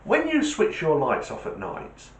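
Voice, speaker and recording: A man voicing a polite, calm pet shop owner, courteous and salesman-like. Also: on the high side, unhurried, roomy sound, pitched above the performer's own voice.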